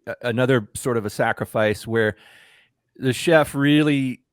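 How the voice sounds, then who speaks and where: A man's voice: medium pitch, unhurried, no echo, studio quality. A man reviewing anime in casual podcast chat, rambling with lots of fillers. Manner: rambling, many fillers and restarts.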